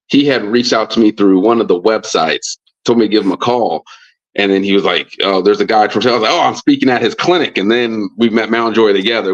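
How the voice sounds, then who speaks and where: A low-voiced man, a football coach, telling a casual story on a podcast. His speech rambles with many fillers and restarts. The stream audio is dull and lo-fi. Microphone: live stream mic.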